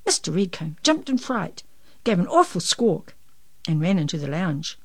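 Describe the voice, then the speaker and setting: Expressive woman reading a children's story. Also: on the low side, normal speed, no room sound. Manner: expressive, lively read-aloud delivery.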